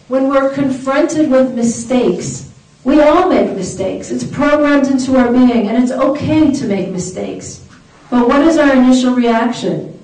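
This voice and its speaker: A woman's voice: sits high, unhurried, far from the mic. Woman lecturing in an echoey hall. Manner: animated, engaging, asks the audience. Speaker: speaker. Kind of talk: lecture to an audience.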